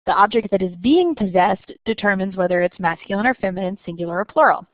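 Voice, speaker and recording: A woman teacher explaining a lesson patiently and clearly, slowing down to stress each example. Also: mid-range voice, animated, dry recording, narrow, tinny audio. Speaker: French teacher. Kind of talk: recorded lesson narration.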